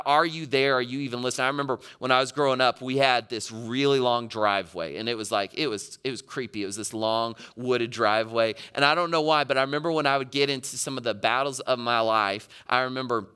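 A man preaching a sermon, building from quiet reflection to impassioned, near-shouted readings of a psalm. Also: medium pitch, clear, resonant tone. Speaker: pastor.

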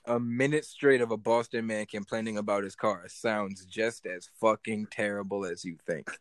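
A man's voice: lowish voice, fairly even intonation, normal speed, no room sound. A man co-hosting a casual podcast chat, talking animatedly, swearing and repeating himself as he jokes. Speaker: podcast co-host.

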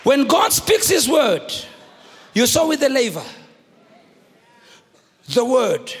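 A middle-aged South African man preaching a lively sermon as a bishop, often shouting and acting out the characters in his stories. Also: very high-pitched, takes it slowly, some chatter behind, slight background noise. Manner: animated, often shouting, acts out voices. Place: large church hall. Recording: live church recording with long reverb.

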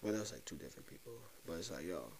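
A man's voice: sits low, animated, racing, creaky, a little mellow, a little hiss or hum. A young man hosting a solo podcast, ranting loosely and profanely and talking straight to his listeners as if sharing a secret. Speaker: podcast host. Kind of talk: casual solo podcast rant.

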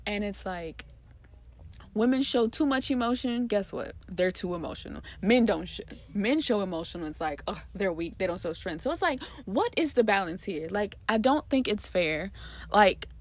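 Speaking at a moderate pace with lively intonation, this woman uses her mid-range voice to explain her own poem. It's a casual, heartfelt talk, emphatic and bursting, and crowded with fillers.

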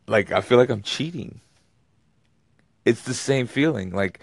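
A man's voice: medium pitch, lively intonation, moderate pace, gravelly, pauses often, no echo, clean studio sound. A man telling a rambling story to his channel, cursing freely, restarting his sentences and laughing at himself. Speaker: YouTube vlogger. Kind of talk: casual storytelling monologue.

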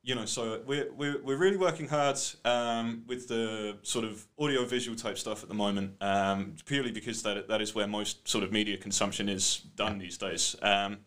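A man's voice: lowish voice, fairly even intonation, moderate pace, hardly any pauses, a bit bright. A man from Britain, a guest in a studio interview, talking casually and hesitantly with many fillers. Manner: hesitant, many "um"s and "you know"s. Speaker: guest, art company co-founder.

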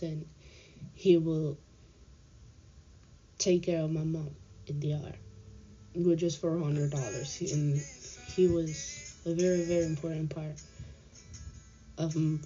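A woman's voice: low-pitched, warm tone. A young woman candidly retelling a hard stretch of her life in a frank, slangy way, English not being her first language. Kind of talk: personal storytelling. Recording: dull lo-fi audio with faint music.

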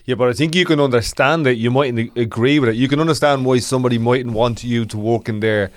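A man's voice: medium pitch, quick pace, dry recording. A man with a Dublin accent hosting a podcast, blunt and challenging, playing devil's advocate in casual chat. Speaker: podcast host.

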